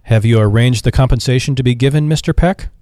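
A man's voice: medium pitch, quick pace, warm tone, no room sound, clean studio sound, natural voice. A man reading aloud and voicing a stiff, frosty general manager who answers curtly. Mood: cold. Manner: curt, frosty.

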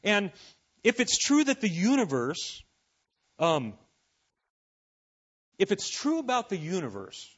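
A man preaching a sermon, reading scripture and making casual, animated asides to his listeners. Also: high-pitched, takes it slowly, pauses often, slightly rough, muffled recording. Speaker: pastor.

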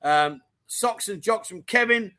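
Bright, high-voiced man chatting live. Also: a little slow. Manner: chatty and animated, full of mate and diamond geezer slang. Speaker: livestream host reading viewer comments. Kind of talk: casual livestream chat. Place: home in Thailand.

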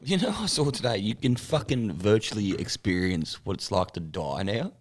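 A man's voice: lowish voice, expressive, moderate pace. An Australian man telling a rowdy story in casual banter, swearing constantly and laughing as he goes. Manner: swears constantly, laughs through stories, acts out quotes loudly.

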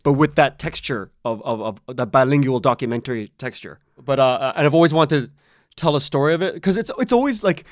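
A man's voice: mid-range voice, expressive, a little fast, no room sound, clean studio sound. A man being interviewed about his audio drama, talking casually in long rambling stretches with frequent restarts and laughs. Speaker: podcast creator, interview guest.

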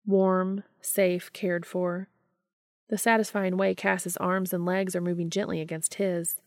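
A woman narrating a romantic fan fiction story in a soft, intimate reading voice, dropping to a hush for dialogue. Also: fairly low pitch, little pitch movement, measured pace, no room sound, studio quality. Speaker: fanfiction podcast reader.

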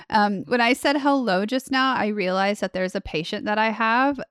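A woman's voice: medium pitch, measured pace, smooth, dry recording, studio quality. A young woman co-hosting a podcast in casual chat, rambling with many fillers and frequent laughs. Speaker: podcast co-host.

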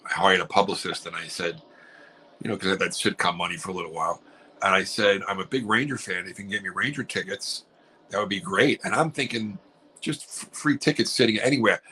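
Bright-voiced New comedian telling stories. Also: male voice, sits low, brisk, a little hiss or hum, low-quality recording. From New York. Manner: animated storyteller acting out other people's lines. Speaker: comedian guest. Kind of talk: casual podcast chat. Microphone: video call.

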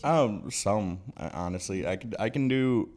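A man from Louisiana co-hosting a podcast, chatting casually in a relaxed, rambling way and laughing often. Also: lowish voice, measured pace. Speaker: podcast co-host. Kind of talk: casual chat.

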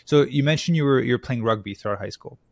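A man hosting a podcast, chatting in a relaxed, encouraging way with a slight lisp. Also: mid-range voice, quick pace, gravelly, no room sound. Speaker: podcast host. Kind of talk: casual interview.

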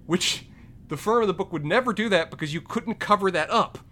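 A man's voice: high voice, fairly quick, pushed and bright, slight background noise. A man co-hosting a casual film review podcast, talking in long, detailed run-on points. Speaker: podcast co-host.

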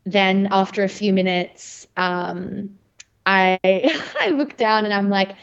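A woman's voice: mid-range voice, fairly even intonation, unhurried, gravelly, highs cut off. Chatty young woman telling a birth story. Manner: chatty, emotional, laughs often, many fillers. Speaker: podcast guest sharing her birth story. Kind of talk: casual conversational storytelling.

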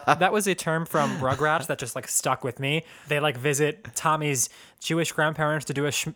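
Guy with a kinda high bright voice, goofy and giggly, just chatting with a friend. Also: fairly even intonation, moderate pace. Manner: silly, giggly, playful jokes. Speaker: podcast co-host reading his old journal. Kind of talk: casual chat.

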